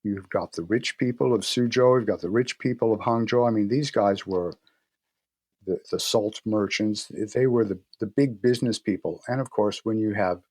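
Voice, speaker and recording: A man guest in a conversational interview, telling stories in a relaxed way and acting out his patients' lines. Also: fairly low pitch, normal speed, no room sound, studio quality. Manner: relaxed storytelling, acts out patient dialogue. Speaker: guest practitioner.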